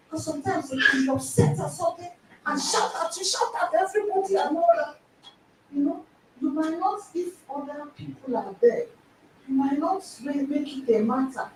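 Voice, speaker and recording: A high, very animated woman leads a women's group in a lively teaching talk, acting out little scenes and bursting into laughter. She sounds far from the mic in a very echoey space. A clear background noise runs under her voice. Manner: animated storytelling, acts out dialogue, laughs loudly. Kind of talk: live-streamed teaching talk. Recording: echoey, distant, noisy live stream.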